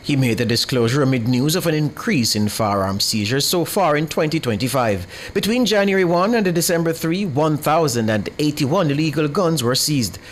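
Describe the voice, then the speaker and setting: A man reading scripted radio news in a crisp, even delivery. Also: a little high, normal speed, few pauses, a little hiss or hum. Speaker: radio newsreader.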